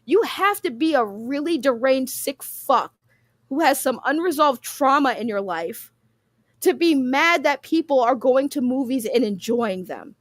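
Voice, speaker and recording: A woman's voice: high voice, expressive, a little slow, no echo. A woman hosting a livestream and reading chat, ranting in an impassioned, profane way and getting emotional, close to tears. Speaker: streamer host.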